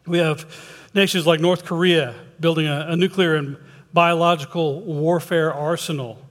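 A man's voice: on the high side, fairly even intonation, normal speed, fairly bright tone. Folksy preaching man in a reverberant church. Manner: folksy storyteller with hesitant restarts. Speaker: lay preacher. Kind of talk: sermon with joke and prayer. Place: church sanctuary. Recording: long hall reverb.

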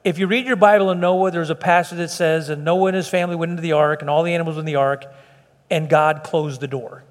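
Middle-aged male pastor, earnest sermon delivery with restarts, slightly high voice, big reverberant church hall. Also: steady tone, quick pace. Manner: earnest, pleading, with frequent restarts and fillers. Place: church sanctuary. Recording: long echo of a large hall.

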